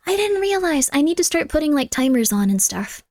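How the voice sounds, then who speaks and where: A woman's voice, sitting high, sing-song and a little mellow, moves a little fast with no echo. She's a streamer chatting casually with viewers, cooing baby talk at her cat and making over-the-top, playful mock threats.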